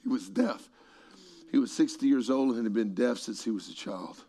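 A middle-aged man preaching a sermon and telling stories, moving between quiet passages and shouted peaks. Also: medium pitch, lively intonation, normal speed. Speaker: pastor. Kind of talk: sermon storytelling.

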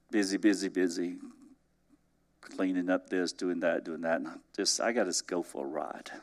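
Low-voiced preacher telling stories. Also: male voice. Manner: conversational, swinging between emphatic rises and soft, hushed drops; chuckles through his stories. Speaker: pastor. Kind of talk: storytelling sermon.

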